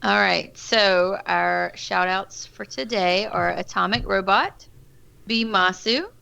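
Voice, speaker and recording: A woman's voice: mid-range voice, gravelly, bright, forceful tone, clear, resonant tone, dull audio. A woman co-hosting a casual game live stream, giggly as she reads out names. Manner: giggly, reading names out slowly.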